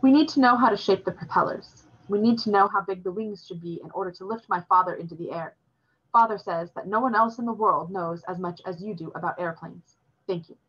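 A woman voicing an earnest, shy eleven-year-old immigrant boy who speaks in careful, halting broken English. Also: medium pitch, fairly bright tone, husky, dull audio.

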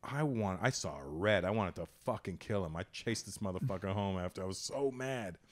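A man from Canada hosting a podcast, telling street stories in a casual, profane, animated way. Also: sits low, moderate pace. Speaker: podcast host. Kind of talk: casual storytelling chat.

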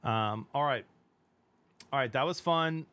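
A middle-aged male game streamer with an average-pitched voice, chatting casually and excitably with his audience. He laughs easily and drifts between half-finished sentences. His voice is close and dry, with no room sound. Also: unhurried, clean tone, no echo. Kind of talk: casual live-stream chat.

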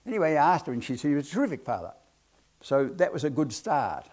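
A man's voice: fairly high pitch, very animated, fast talker, darkish tone. A man giving a hypnotherapy talk to an audience, telling chatty, self-deprecating stories about his cases. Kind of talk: anecdotal lecture to an audience.

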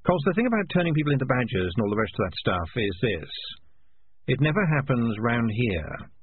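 A man voicing a sly, grinning adult rat piper who talks low and conspiratorially, in a storybook audiobook. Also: very animated, a little fast, breathy edge. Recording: tinny lo-fi with faint hiss.

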